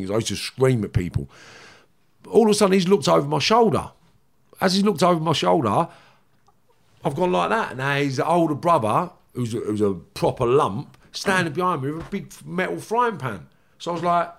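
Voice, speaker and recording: A man's voice: mid-range voice, gravelly. A man, a guest in a casual interview, telling a story animatedly and swearing often while he acts out what others said.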